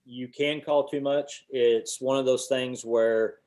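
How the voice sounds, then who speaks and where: A man, teaching a webinar and telling hunting stories, now and then hooting owl calls out loud. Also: medium pitch, slow. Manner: animated storyteller, hoots owl calls with his voice. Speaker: guest instructor, call maker.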